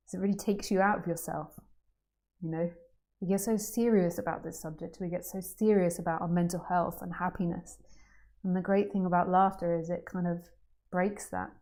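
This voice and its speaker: A woman giving a spiritual talk to a group, playful and jokey, swinging from hushed questions to excited outbursts. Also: lowish voice. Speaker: non-duality teacher.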